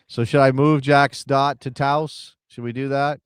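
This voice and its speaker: A man's voice: mid-range voice, flat delivery, unhurried, clean tone, no room sound, clean studio sound. A man co-hosting a casual soccer live stream, chatty and rambling as he reads out viewer names. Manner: rambling, chatty, thinks aloud while reading chat names. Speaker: soccer show co-host.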